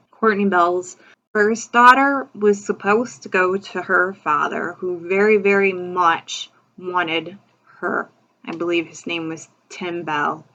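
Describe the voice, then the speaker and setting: A woman's voice: mid-range voice, fairly bright tone. Chatty woman on a dull lo-fi recording. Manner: chatty and opinionated, full of "like" and "you know". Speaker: true-crime video host. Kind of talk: casual true-crime commentary.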